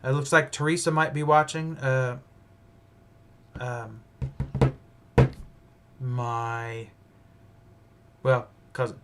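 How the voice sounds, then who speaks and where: A man's voice: medium pitch, little pitch movement, extremely slow, pauses often, very noisy. A man hosting a casual livestream Bible study, thinking aloud with frequent restarts and fillers.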